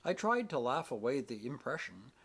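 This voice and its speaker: A man voicing an earnest, devout young woman pleading gently with her father in an audiobook. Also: mid-range voice, very animated, normal speed, breathy edge, exaggerated voice. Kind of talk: audiobook character reading.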